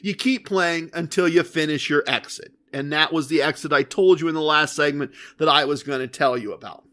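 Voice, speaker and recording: High-voiced man telling a casino story. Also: a little fast. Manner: animated, emphatic storytelling. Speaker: podcast host. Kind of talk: casual storytelling.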